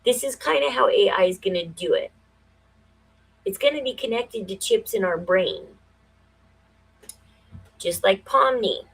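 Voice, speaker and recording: Husky woman rambling on a livestream. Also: mid-range voice, expressive, poor audio. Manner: rambling, thinks aloud with many fillers; conspiratorial, builds to quick emphatic bursts. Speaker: livestream host. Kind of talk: casual livestream monologue.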